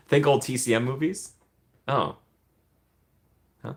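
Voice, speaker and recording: In a medium-pitched voice and at a slow pace, a man runs a casual live Q&A. He reads the chat aloud and talks back warmly, with plenty of laughter and ums.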